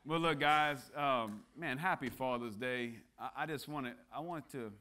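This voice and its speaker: Man, guest preacher, casual sermon; joking yet earnest, stumbles and restarts, medium pitch. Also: a little slow, bright, forceful tone. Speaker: guest speaker. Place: church sanctuary.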